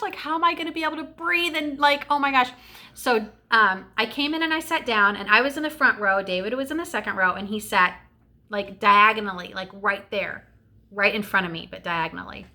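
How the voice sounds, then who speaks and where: A woman's voice: mid-range voice, sharp tone. A middle-aged woman telling childhood stories in a casual vlog, gushing and emotional, with lots of fillers. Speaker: vlogger. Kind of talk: casual storytelling.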